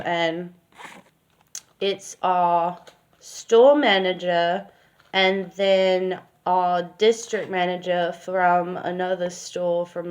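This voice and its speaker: A woman with a lowish voice tells a personal story casually and ramblingly, using lots of fillers. She's candid and swears now and then.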